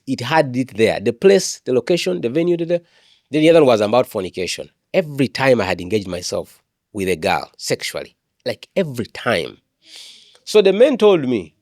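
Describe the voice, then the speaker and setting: A man's voice: medium pitch, darkish tone, no echo, studio quality. A man, an evangelist telling his personal testimony in an interview, earnest and often repeating words and restarting.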